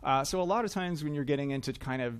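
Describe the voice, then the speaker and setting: A man's voice: a little high, fast talker, smooth. A man giving a conference talk on stage, chatty and self-deprecating, with frequent uhs. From Canada. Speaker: conference speaker. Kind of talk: joking tech conference talk. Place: conference hall, live audience.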